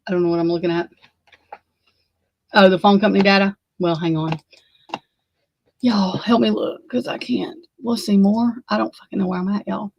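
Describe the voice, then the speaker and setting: A woman's voice: mid-range voice, fairly even intonation, moderate pace, pauses often, a little mellow, muffled recording, slight background noise. A woman hosting a casual livestream, flustered and rambling, swearing freely as she talks to her viewers. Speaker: livestream host.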